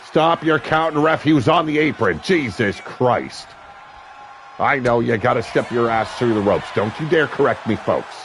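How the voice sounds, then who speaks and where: A man calling a wrestling match play-by-play, brash and crude, with sudden shouted bursts of excitement. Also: mid-range voice, normal speed, slight background noise. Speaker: wrestling commentator. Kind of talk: play-by-play commentary. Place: seated at a ringside commentary table.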